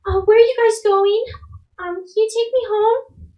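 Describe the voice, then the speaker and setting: A woman's voice: very high-pitched, moderate pace, a little mellow, highs cut off, voice pushed up. A woman voicing a small, timid young girl who pleads and apologizes. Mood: pleading.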